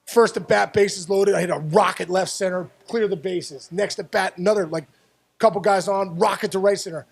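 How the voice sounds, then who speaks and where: This guest has a high, creaky voice with a breathy edge and speaks at a moderate pace. A former baseball player from around Pittsburgh, he tells lively interview stories riddled with repeats and restarts.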